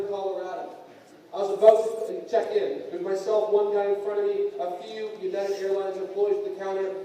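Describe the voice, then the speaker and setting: A middle-aged man giving a comedic motivational keynote in a large conference hall, telling animated stories and jumping to shouts for punchlines. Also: high voice, a little hiss or hum. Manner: animated storytelling, big jumps to shouting for punchlines. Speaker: keynote speaker. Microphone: distant camera mic. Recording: echoey hall, distant mic.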